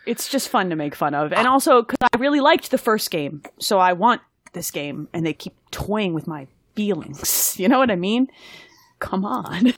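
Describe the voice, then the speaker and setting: A woman's voice: mid-range voice, expressive, moderate pace, dry recording. A woman co-hosting a podcast in casual chat, teasing and laughing often. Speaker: podcast co-host.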